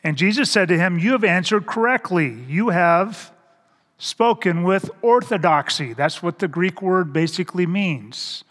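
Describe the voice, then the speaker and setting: A middle-aged man delivers a sermon as a pastor, his fairly bright voice sitting high as it echoes through a reverberant hall. He speaks slowly and haltingly, with repeated words and rhetorical questions.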